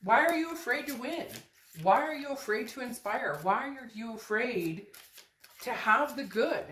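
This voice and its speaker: A woman's voice: fairly high pitch, lively intonation, a little slow, a bit bright, a little hiss or hum. A woman giving an earnest, emphatic tarot reading to her viewers, often repeating phrases. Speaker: tarot reader. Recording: echoey room.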